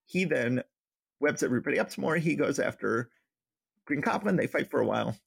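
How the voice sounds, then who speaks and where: Man, podcast co-host, gravelly, husky, casual plot recap, dry sound. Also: mid-range voice, animated, a little fast, no echo. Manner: summarizes plots, reading quotes in a light voice. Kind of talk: casual comic-book recap chat.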